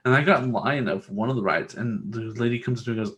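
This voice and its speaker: A man's voice: mid-range voice, wildly swooping pitch, fast talker, a bit bright. A man co-hosting a podcast, telling long rambling stories in casual chat and swearing freely. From Texas. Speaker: podcast co-host.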